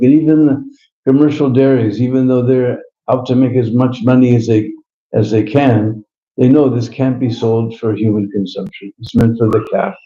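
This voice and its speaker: A man's voice: mid-range voice, mellow. A man telling a devotional story in a chatty way, adding chuckles and questioning "hmm?" asides, in a roomy, slightly dull live recording. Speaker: devotional speaker.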